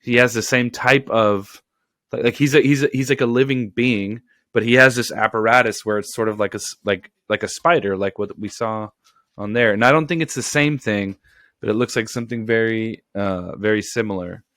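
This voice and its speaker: Man, co-host, slightly low voice, rambling, repeats words, dry sound. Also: moderate pace, fairly bright tone, dry recording. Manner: rambling, repeats words while searching for names. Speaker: podcast co-host. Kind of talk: casual fan podcast chat.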